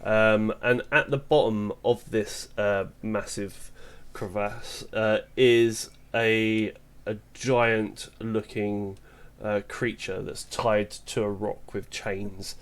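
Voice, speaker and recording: A man's voice: on the low side, flat delivery, slow pace, smooth. A man running a tabletop game as game master, describing scenes with frequent hesitations. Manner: descriptive, with frequent ums and sort-ofs.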